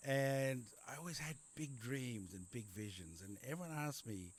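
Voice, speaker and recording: In a conversational interview, a middle-aged doctor from Papua New Guinea tells his life story, rambling, repeating words, and leaning on fillers. He has an Australian accent and an expressive, mid-range voice at a moderate pace, with hardly any pauses.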